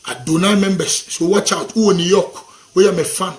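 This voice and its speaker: A man with a Ghanaian accent preaches in a high, ringing voice, fervent and repetitive. He leads call-and-response declarations and slips Twi phrases into his English. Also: fairly even intonation, brisk. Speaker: gospel worship minister. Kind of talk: charismatic preaching and prophetic declaration.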